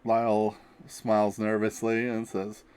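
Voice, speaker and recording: Slow-talking, rambling male player. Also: on the low side, monotone, a little mellow, clean tone, no room sound. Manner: casual, rambling. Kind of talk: narrating his character in a tabletop game.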